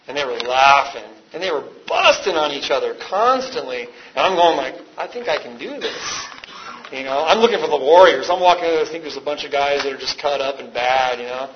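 Rambling man sharing his story. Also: medium pitch. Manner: rambling, self-mocking, laughs often. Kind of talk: personal story told to a live meeting. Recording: dull lo-fi with background noise.

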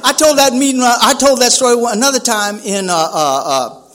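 A man's voice: very high-pitched, fairly quick, a bit bright. A man speaking at a recovery meeting, telling his story in a casual way with laughing asides and frequent "right?". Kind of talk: storytelling talk to an audience.

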